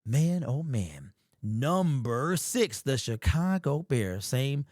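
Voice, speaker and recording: A man hosting a sports fan vlog, talking in casual, animated commentary with slangy, emphatic exclamations. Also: mid-range voice, takes it slowly, no echo, studio quality. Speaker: sports fan channel host.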